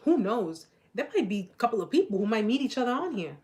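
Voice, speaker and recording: A woman's voice: fairly high pitch, very animated, fast talker, warm tone. A woman in her forties hosting a casual live-stream chat, bubbly and joking, laughing often. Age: 40s.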